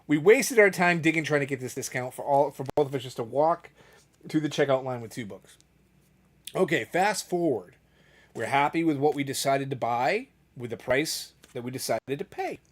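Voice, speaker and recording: A man's voice: on the high side, expressive, normal speed. Chatty man telling a long story. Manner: rambling storyteller, acts out quotes. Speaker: podcast co-host. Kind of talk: casual chat.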